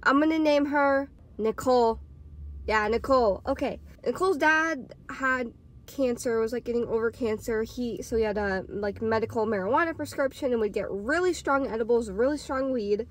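A woman's voice: a little high, normal speed. A woman in her twenties telling a casual storytime tale, rambling and packed with "like" fillers. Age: 20s. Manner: rambling, filler-heavy with frequent "like". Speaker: podcaster and storytime vlogger.

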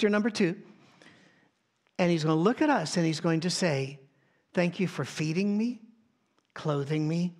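A man preaching a sermon as pastor, telling stories conversationally and often restarting his sentences. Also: fairly high pitch. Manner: conversational storytelling with frequent restarts. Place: church sound stage.

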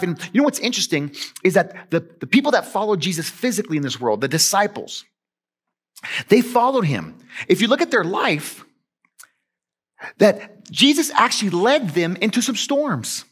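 A male pastor delivers a conversational sermon in a fairly high voice that leaps up and down with lively expression. He moves between emphatic, louder lines and hushed, slowed ones. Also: breathy edge. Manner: animated, conversational preaching with emphatic swings from loud to hushed.

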